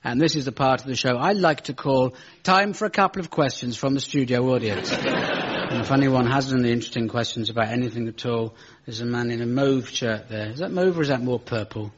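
A young British man doing stand-up storytelling on stage, dry and ironic, rising into high exasperated rants. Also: a little fast, a little hiss or hum. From Britain. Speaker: comedian. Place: stage before a live audience. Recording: muffled live stage recording with audience.

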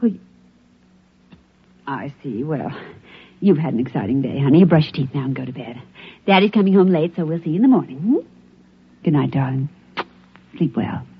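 An actress playing a soft, hesitant mother in a radio-style drama, soothing her child. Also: low-pitched, animated, normal speed, long pauses, breathy edge, heavily acted. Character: gentle, flustered young mother. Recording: dull lo-fi vintage recording.

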